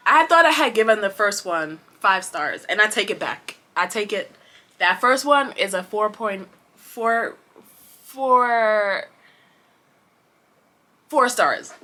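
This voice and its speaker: A woman chatting to camera about books she read, rambling with many fillers and restarts, passionate and expressive. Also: medium pitch, slow pace, long pauses. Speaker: booktuber. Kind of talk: casual chat to camera.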